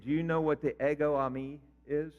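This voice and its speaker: This older man's voice is on the high side, brisk and flat as he preaches. A pastor in a church sanctuary, he keeps the sermon conversational and questions his congregation, all captured in a reverberant hall with dull lo-fi audio.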